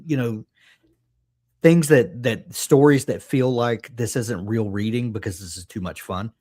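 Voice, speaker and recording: A man co-hosting a casual book chat, thinking aloud in a rambling way with many pauses. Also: mid-range voice, darkish tone. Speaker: podcast co-host.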